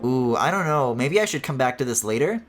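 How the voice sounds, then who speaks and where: A man's voice: mid-range voice, animated, fairly quick, faint music behind. A man streaming a video game, chatting casually as he plays, swearing and laughing often. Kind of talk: casual let's-play commentary.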